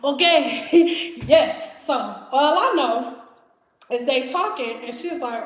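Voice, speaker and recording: Chatty high-voiced woman from Detroit. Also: slow, roomy sound. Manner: chatty, animated, laughs often, acts out voices. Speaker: vlogger. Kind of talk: casual storytime chat. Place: home kitchen.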